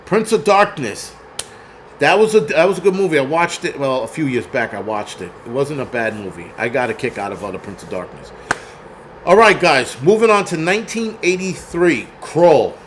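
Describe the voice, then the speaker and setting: A man's voice: fairly high pitch, lively intonation, normal speed, a little hiss or hum. Profane rambling man hosting a livestream. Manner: profane, rambling, reads chat aloud. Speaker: film review livestream host. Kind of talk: casual livestream chat.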